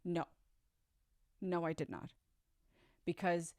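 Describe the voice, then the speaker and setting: Deep-voiced woman telling her story. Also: lively intonation, brisk, dry recording, studio quality. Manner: candid, reflective, acts out quoted dialogue. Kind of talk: storytime vlog.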